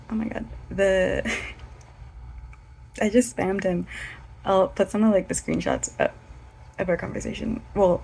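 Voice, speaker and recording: In a laid-back reading vlog, a woman in her twenties raves with dramatic flair, at times falling to a whisper. She has a mid-range, creaky voice with a darkish tone, and there's slight background noise.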